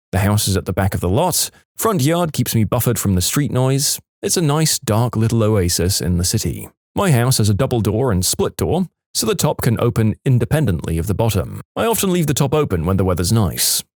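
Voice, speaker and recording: A man's voice: medium pitch, dry recording, clean studio sound. A man narrating reader-submitted stories in a dramatic storytelling manner, with wry asides. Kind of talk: scripted narration of reddit stories.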